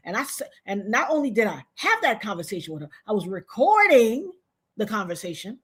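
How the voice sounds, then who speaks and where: A woman's voice: mid-range voice, sing-song, a little fast, a bit bright, breathy edge. A woman being interviewed who tells her story in a blunt, emphatic, profane way. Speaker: guest.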